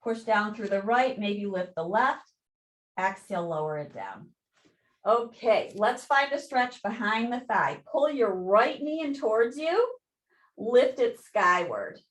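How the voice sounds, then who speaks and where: Slow-paced woman guiding a yoga class. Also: mid-range voice. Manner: calm step-by-step cues, counting breaths. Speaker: yoga instructor. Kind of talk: guided yoga class instruction. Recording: echoey room.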